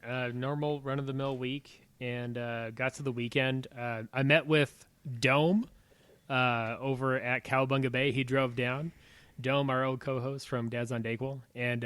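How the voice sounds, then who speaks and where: A man in his thirties, a podcast co-host, telling a story in animated, casual chat with a lot of swearing. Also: medium pitch, dry recording.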